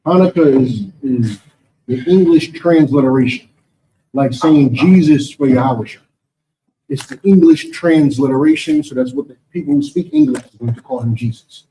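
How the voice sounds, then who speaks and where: A man's voice: on the high side, sing-song, normal speed, dark tone, recorded from a distance, slight background noise, poor audio. A man with an American accent teaching and answering questions in a preaching session, emphatic and rhetorical, often asking "you understand?".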